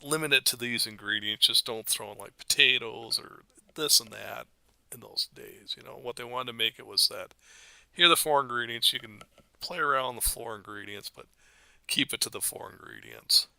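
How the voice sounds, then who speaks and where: On a podcast he co-hosts, this middle-aged American dad meanders through stories in a relaxed chat, laughing frequently. He talks at a moderate pace in a gravelly, sharp-toned mid-range voice, and there's no room sound.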